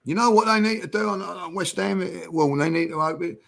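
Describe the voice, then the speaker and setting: A man's voice: high voice, brisk, vocal fry, over a noisy crowd. A man arguing in a football fan debate, stammering and restarting as he talks. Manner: hesitant, stammering restarts, apologetic.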